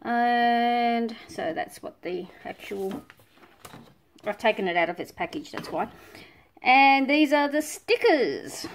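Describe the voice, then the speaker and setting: Gushing Australian woman unboxing craft supplies. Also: on the high side. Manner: gushing, breathy exclamations of delight. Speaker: scrapbooking vlogger. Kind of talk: casual unboxing chat.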